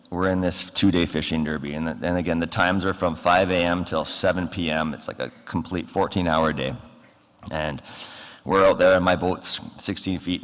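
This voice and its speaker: A man with a Canadian accent giving a memorial speech in a large hall, telling stories with many fillers and restarts and acting out phone calls. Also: deep voice. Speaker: eulogy speaker. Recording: reverberant hall.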